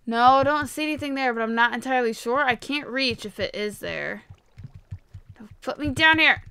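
A young woman playing a game and commentating, excitable and quick to gasp and shriek. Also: high voice, creaky, smooth. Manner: excitable, gasps and shrieks often. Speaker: gaming YouTuber. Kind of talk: Minecraft let's-play commentary.

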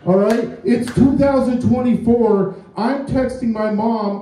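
A man's voice: extremely high pitch, a little slow, hardly any pauses, dark tone. A man doing a stand-up comedy set, rambling through his stories in a self-mocking way in front of a live audience. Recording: echoey club from far off.

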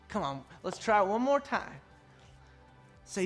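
A woman's voice: medium pitch, big pitch swings, moderate pace, soft background music. A woman giving an online children's church sermon, telling the story animatedly and talking straight to the kids. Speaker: children's pastor.

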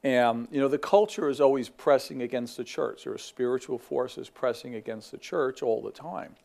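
A man's voice: medium pitch, normal speed, creaky, darkish tone. A middle-aged man, a ministry vice president, giving a reflective faith talk in a conversational way with many fillers and restarts.

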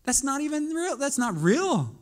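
A man preaching a sermon as pastor, moving from quiet, musing storytelling to loud, urgent calls to the congregation. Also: very high voice, sing-song, moderate pace.

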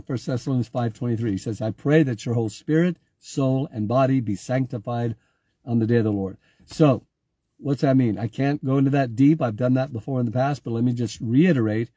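A man's voice: medium pitch, warm tone, slightly rough, dry recording. A man giving an informal online sermon, talking conversationally, repeating himself and calling on viewers by name. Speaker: pastor.

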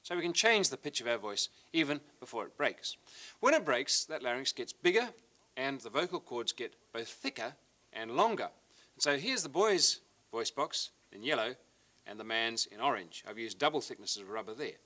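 A man's voice: mid-range voice, moderate pace. A middle-aged man presenting a science lesson, explaining and demonstrating with a model as he talks. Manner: lively, hands-on demonstrator.

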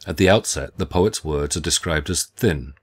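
Man, very low voice, middle-aged, scripted literature lecture, measured and deliberate delivery. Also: breathy edge. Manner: measured, deliberate reading with careful phrasing.

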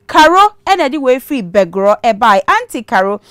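A woman's voice: on the high side, sing-song, normal speed, a bit bright, clear, resonant tone, no room sound, studio quality. A woman with a Ghanaian accent hosting a church call-in program, reading viewer messages aloud and blessing each sender. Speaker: host.

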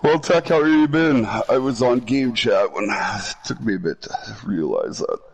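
Gravelly male gamer on chat. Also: mid-range voice, lively intonation, measured pace. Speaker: teammate. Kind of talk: casual game chat.

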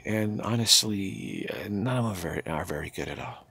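An older man giving a halting, repetitive spiritual talk, slipping into soft murmured chanted phrases. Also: low voice, lively intonation, vocal fry, breathy edge. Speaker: spiritual teacher.

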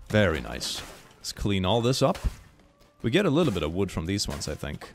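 A man's voice: low voice, very animated, normal speed, slight background noise. A young man giving playful, goofy let's play commentary, full of silly sound effects. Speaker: gaming YouTuber.

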